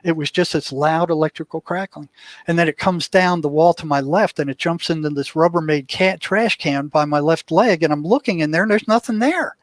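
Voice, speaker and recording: A man's voice: a little high, brisk, no echo. Older man telling a vivid story. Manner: vivid storyteller who acts out what people said. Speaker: interview guest, former prison mental health worker. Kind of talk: storytelling in a casual interview.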